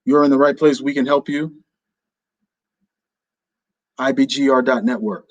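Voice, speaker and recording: A man's voice: mid-range voice, steady tone, measured pace, pauses often, dry recording, poor audio. A man from New Jersey hosting a business radio show, talking casually in a playful, theatrical way. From New Jersey, USA. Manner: playful and theatrical, jokingly overdramatic.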